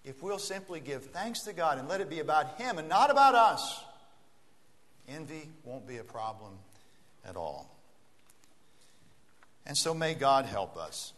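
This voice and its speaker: A man's voice: fairly high pitch, sing-song, measured pace, long pauses, a bit bright. A male preacher giving an evening sermon in a church, telling a story and building to an earnest appeal. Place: church auditorium. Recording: long hall reverb, faint noise.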